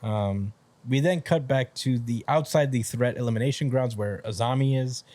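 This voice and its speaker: A man on a podcast talks through a manga chapter in loose, rambling chat, full of "um"s and quick asides. His voice sits at an ordinary middle pitch. The sound is close and dry, with no room around it. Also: mellow, no echo. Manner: rambling, filler-heavy, laughs often. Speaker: podcast co-host. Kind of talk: casual manga recap chat.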